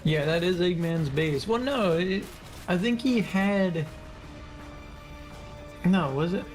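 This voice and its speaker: Guy rambling about old games, kinda higher voice, game music loud behind him. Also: expressive, slow pace. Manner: rambling, laughs, curses casually. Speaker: co-host of a gaming stream. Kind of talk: casual gameplay chat.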